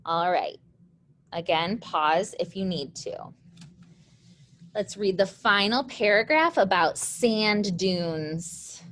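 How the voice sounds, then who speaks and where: A woman's voice: mid-range voice, expressive, slow, fairly bright tone, slight background noise. A young woman, teaching a recorded lesson patiently, step by step.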